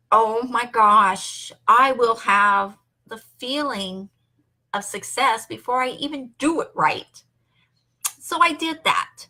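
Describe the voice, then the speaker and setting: Bright upbeat grandmother. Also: high voice. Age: older. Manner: enthusiastic, upbeat, emphatic. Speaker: online business owner. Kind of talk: motivational talk to camera.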